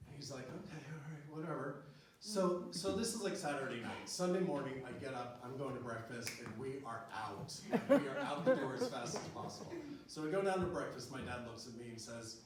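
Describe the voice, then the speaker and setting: A man's voice: medium pitch, animated, brisk, hardly any pauses, crowd noise. A middle-aged man telling a personal story live on stage, chatty and laughing often, with lots of fillers. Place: small venue with live audience. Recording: very echoey room, distant mic, audience noise.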